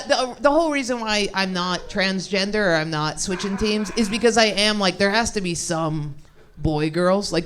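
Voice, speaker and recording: A woman's voice: mid-range voice, slight background noise. Rambling crude woman doing stand-up. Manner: rambling, self-deprecating, crude, laughing at own jokes. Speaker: stand-up comedian. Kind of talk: improvised stand-up set. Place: comedy club stage with live audience.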